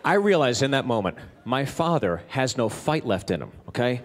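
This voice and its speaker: A middle-aged man doing stand-up comedy, telling animated stories and ranting in exasperation. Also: mid-range voice, moderate pace. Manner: animated storytelling, exasperated rants. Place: stage in a comedy venue. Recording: live stand-up set with audience laughter. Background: crowd laughing.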